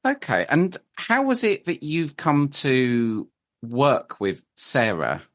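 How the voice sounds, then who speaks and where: A man hosts a podcast interview and asks his questions politely, often stumbling over his words. His pitch moves around a lot, rising and falling as he talks. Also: huge pitch swings, slow. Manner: hesitant, polite, with fillers and restarts. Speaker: podcast host.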